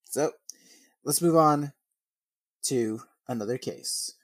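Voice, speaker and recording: Slowly and at medium pitch, a man reads true crime news text and then launches into blunt tirades full of swearing. Names trip him up, so he restarts often; there's no room sound.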